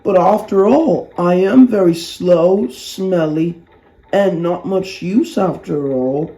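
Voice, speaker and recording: A narrator voicing an elderly female vintage steam lorry, proud and sly, in a high, drawn-out teasing voice. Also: dark tone. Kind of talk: storybook reading.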